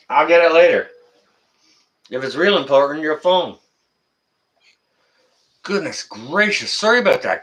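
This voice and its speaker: A man's voice: on the high side, fairly bright tone. A middle-aged man, hosting a casual live stream, reading the chat and answering viewers by name in a folksy, teasing way.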